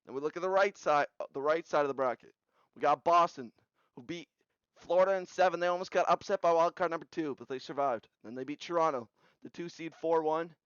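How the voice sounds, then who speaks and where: Young guy calling sim hockey scores, kinda high clean voice, dry slightly muffled mic. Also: brisk, smooth, no echo. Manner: rattles off scores in short bursts, excited at big goals. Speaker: video game simulation commentator. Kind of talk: play-by-play recap commentary. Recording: slightly dull lo-fi audio.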